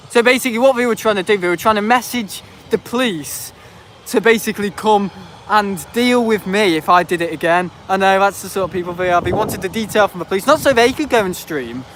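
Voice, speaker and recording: A man's voice: high-pitched, a bit bright. A man hosting a casual live stream outdoors at an airport, rambling and aggrieved with many fillers. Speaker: livestream host. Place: outdoors at an airport visitor park. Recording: noisy outdoor stream audio.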